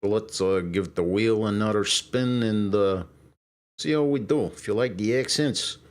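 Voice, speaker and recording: A man's voice: on the low side, a little slow. A man hosting his own live stream in casual chat, loose and profane as he talks straight to his viewers. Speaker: streamer and show host.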